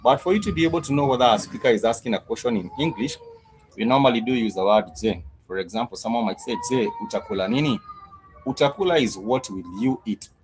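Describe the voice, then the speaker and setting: A man teaching a live-streamed language lesson, patient and repetitive, with many pauses and "uh" fillers. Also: medium pitch, over music, rough recording. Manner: patient, repetitive, says "uh" often. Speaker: Swahili teacher.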